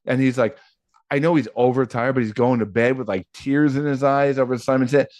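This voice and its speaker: This man in his thirties has a medium-pitched voice and talks a little fast as co-host of a laid-back podcast. He tells stories animatedly, acting out quotes and laughing a lot. The recording is dry.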